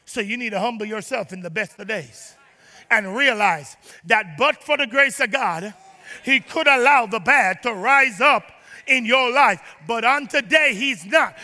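High, bright-voiced preaching man. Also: in a large hall. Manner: emphatic preaching that swings from shouting to low asides; calls on the congregation to respond. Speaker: pastor. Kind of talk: sermon. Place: church sanctuary.

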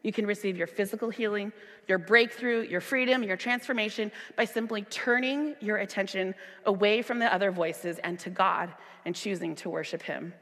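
A woman's voice: moderate pace, fairly bright tone. A young woman worship leader giving a sermon with personal testimony, earnest and at times emphatic. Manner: earnest, rising to emphatic high peaks in retold dialogue. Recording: long hall reverb.

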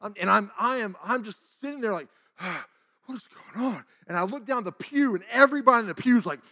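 A man in his forties shares a church testimony in a lively, casual voice and acts out every line of dialogue. His voice sits higher than most men's. The talk sounds loose and conversational. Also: quick pace. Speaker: church speaker. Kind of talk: testimony storytelling.

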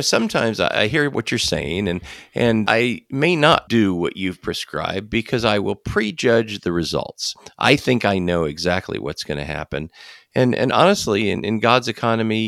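A man's voice: low voice, creaky, dry recording, clean studio sound. A man co-hosting a faith podcast, speaking reflectively with frequent restarts before signing off the show. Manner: reflective, stammering restarts, lively delivery. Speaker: podcast co-host. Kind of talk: faith-based podcast talk and sign-off.

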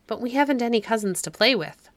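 A woman's voice: on the high side, animated, fast talker, no echo, lightly acted. A woman reading a storybook aloud, voicing a discontented, spoiled little girl with a sighing, wistful complaint. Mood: plaintive. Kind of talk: audiobook reading.

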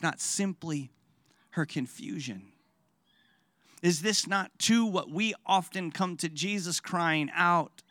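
Slow, emphatic male preacher with a high voice. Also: a bit bright, no room sound, clean studio sound. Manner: emphatic, repeats phrases for weight, rhetorical questions. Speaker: pastor. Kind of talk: sermon.

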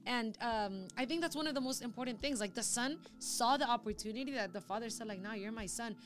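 Earnest lady w talking faith, bit high voice, soft music behind. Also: fairly quick. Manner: earnest, reflective, quotes scripture. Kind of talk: casual faith talk.

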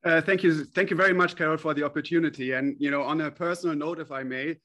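Man, CEO guest, earnest, hesitant with fillers, slightly high voice. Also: fairly even intonation, quick pace, sharp tone. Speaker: company CEO, interview guest. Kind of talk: interview answers.

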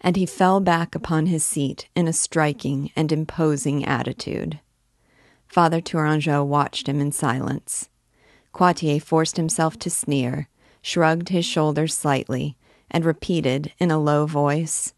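A woman narrates a classic novel in a measured, deliberate way. Her voice is low and her pace slow, recorded close and dry with no room echo. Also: fairly even intonation. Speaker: book reader, teacher. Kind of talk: reading a novel aloud.

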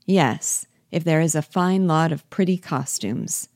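A woman reading the part of Doctor Rank, an ironic, dying family friend in a stage play, in a wry, measured way. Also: deep voice, expressive, a little mellow, no echo, studio quality.

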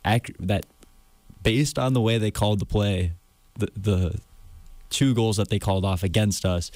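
A man's voice: on the low side, measured pace, darkish tone, dry recording. A young man co-hosting a casual sports chat, hesitant and full of filler words. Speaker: co-host.

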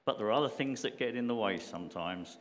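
Male preacher giving a sermon, pitch bouncing all over, talks earnest and chatty, big church echo. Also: expressive, quick pace. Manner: earnest, conversational, with rising emphasis on questions.

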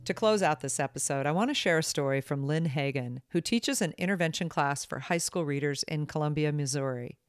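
A woman's voice: low voice, brisk, hardly any pauses. A woman hosting an education podcast, speaking in an earnest, reflective way. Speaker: podcast host. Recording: music bed under voice.

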